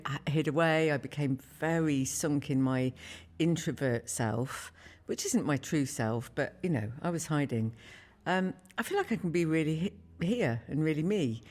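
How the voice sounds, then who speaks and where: Woman, low voice, audience member, hesitant, candid, earnest, live Q&A. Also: darkish tone. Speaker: audience member asking a question. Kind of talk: live Q&A question. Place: retreat room with an audience.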